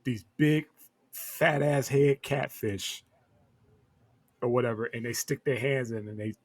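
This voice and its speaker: A man's voice: mid-range voice, a little slow, dry recording. A man co-hosting a podcast, telling stories in loose, profane chat. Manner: profane, storytelling. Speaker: podcast co-host.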